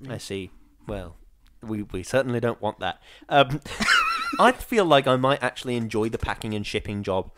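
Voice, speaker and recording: A young man co-hosting a podcast in casual chat, wry and hesitant, with deadpan teasing. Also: medium pitch, moderate pace, heavy background noise. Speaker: podcast co-host.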